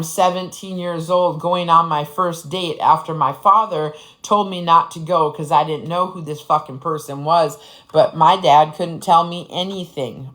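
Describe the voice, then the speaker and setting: A woman from Upper Michigan tells her own story in plain, casual talk, cursing freely and calling her listeners "bestie". Her voice is bright and forceful. She talks to her audience directly and bluntly. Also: low voice, poor audio. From Upper Michigan, United States. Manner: blunt and profane, often addresses listeners as "bestie".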